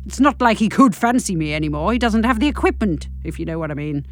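A woman's voice: medium pitch, expressive, fast, soft background music. A woman narrating a comic story in a wry, self-deprecating, theatrical way. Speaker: host and narrator. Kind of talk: comic first-person narration.

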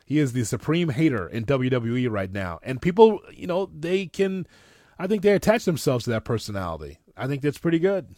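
A man's voice: mid-range voice, sing-song, a little fast, darkish tone, dry recording, clean studio sound. A man co-hosting a podcast, talking about wrestling with enthusiasm and rambling restarts. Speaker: podcast co-host. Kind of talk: casual wrestling talk.

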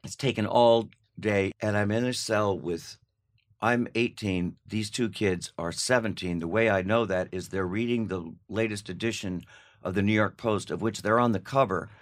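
Man telling a lively anecdote. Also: on the low side, normal speed. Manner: animated anecdote with laughs and restarts. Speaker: guest. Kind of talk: casual storytelling.

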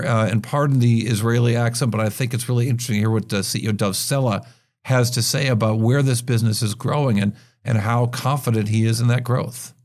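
A man hosting a business news podcast, talking through market stories in a conversational way with quick asides and frequent restarts. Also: mid-range voice, a little mellow. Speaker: podcast host.

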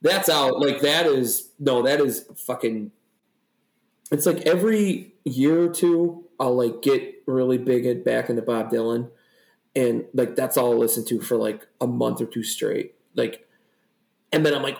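A young man co-hosts a podcast in a mid-range, gravelly voice, speaking a little slowly. He rambles, swears, and tells stories with animated energy during a casual chat. The recording has an echoey room sound.

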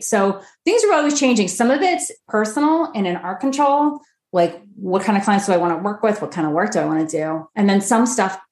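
A woman guest explains marketing to a podcast host with lively, conversational energy. Her voice has a middle pitch and carries some room echo, and she keeps asking rhetorical questions. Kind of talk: conversational interview answer. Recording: roomy echo.

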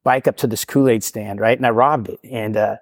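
A middle-aged man tells a long, meandering story at a brisk, quick clip. He keeps tagging questions onto his sentences in a self-deprecating, chatty way. The sound is dry and close, with no room around it. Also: on the low side, steady tone, no echo. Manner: rambling, self-deprecating, repeats "right?". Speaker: podcast guest sharing recovery story. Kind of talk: casual storytelling. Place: podcast studio.

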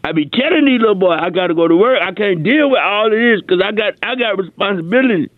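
A man's voice: high-pitched, animated, fast, no echo. A man voicing a panicky, stammering young male caller who rambles about a family emergency at home. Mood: exasperated. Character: frantic young man whose great-grandmother's dentures are stuck. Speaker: comedy character caller. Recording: dry, tinny phone-line sound.

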